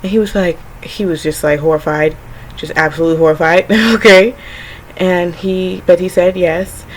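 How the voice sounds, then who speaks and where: Chatty woman with a lowish voice. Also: steady tone, moderate pace, a little hiss or hum, rough recording. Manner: rambling, filler-heavy, frank and chatty; acts out her younger self and family in quotes. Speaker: vlogger. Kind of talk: casual personal storytelling to camera.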